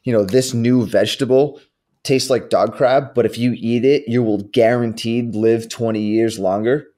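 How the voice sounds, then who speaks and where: A man's voice: mid-range voice, steady tone, mellow. Rambling man in casual podcast chat. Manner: rambling, filler-heavy, quick asides. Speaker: podcast co-host.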